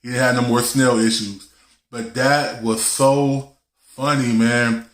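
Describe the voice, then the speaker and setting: A man hosting a live stream, chatting casually in a loose, slangy way and chuckling through his tale. His voice sits at an ordinary middle pitch. The room around him rings with a noticeable echo. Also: fairly even intonation, takes it slowly. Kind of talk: casual storytelling chat. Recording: roomy echo.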